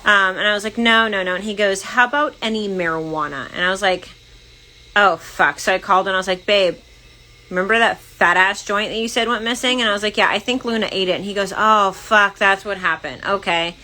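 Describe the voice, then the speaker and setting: A woman chatting casually about her dogs, telling animated stories, acting out what people said and swearing freely. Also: mid-range voice, brisk, low-quality recording. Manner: animated storyteller, acts out quotes, swears freely. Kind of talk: casual chat.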